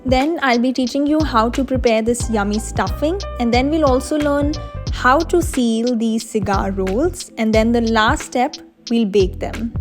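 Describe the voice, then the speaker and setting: A woman's voice: fairly high pitch, unhurried, faint music behind. A young woman, host of a cooking channel, explaining a recipe step by step in a voice-over.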